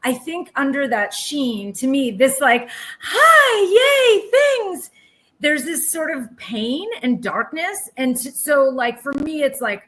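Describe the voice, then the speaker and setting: A woman podcast co-host in casual chat, talking in an animated way and slipping into mocking impressions. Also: high-pitched, measured pace, few pauses. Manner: chatty, animated, breaks into impressions.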